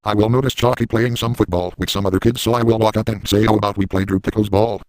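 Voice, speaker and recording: A crude, manic grown man rattles off his boasts at a breakneck clip in a lowish voice, as a man acts him out. The delivery is gleeful yet deadpan. The sound is close and dry, with no room around it. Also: fast talker, dry recording, natural voice, rough recording. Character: crude, manic adult man boasting about outrageous deeds. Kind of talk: crude first-person parody narration.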